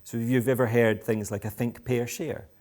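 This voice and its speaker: A man's voice: mid-range voice, little pitch movement, moderate pace, a little mellow. A Scottish man giving a talk to school parents in a playful, provocative, self-mocking way. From Scotland. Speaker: education speaker. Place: school event with live audience.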